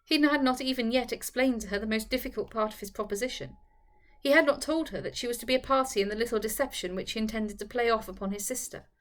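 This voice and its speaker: Reading a nineteenth-century novel aloud, this audiobook narrator keeps a measured, formal style. Her voice is fairly high, and she stays steady and clear from start to finish.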